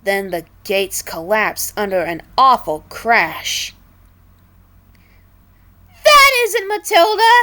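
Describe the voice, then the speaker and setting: A woman reading a storybook aloud expressively, with small restarts now and then. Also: on the low side. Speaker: storybook reader.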